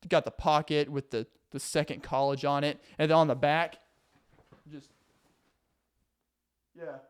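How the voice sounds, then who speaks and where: A man's voice: a little high, fairly even intonation, unhurried, clear, resonant tone. A young man vlogging a rambling comedic monologue, full of fillers and restarts. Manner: rambling, filler-heavy, self-interrupting.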